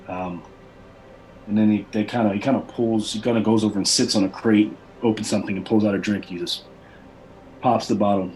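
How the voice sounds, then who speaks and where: Rambling male game master, low voice. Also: steady tone, fairly quick, a little mellow, a little hiss or hum, low-quality recording. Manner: rambling, many fillers and restarts. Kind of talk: narrating a tabletop game.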